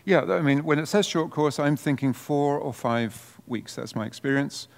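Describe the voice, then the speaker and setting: A man, a parish priest, giving an informal workshop presentation in a conversational way, with relaxed asides. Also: fairly high pitch, moderate pace, creaky, in a large hall.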